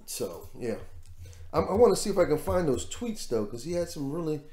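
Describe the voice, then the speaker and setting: A man's voice: a little high, sing-song, moderate pace, dark tone, reverberant. A man giving casual, rambling commentary on a news story as host of his own show, repeating words as he goes. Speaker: vlog host.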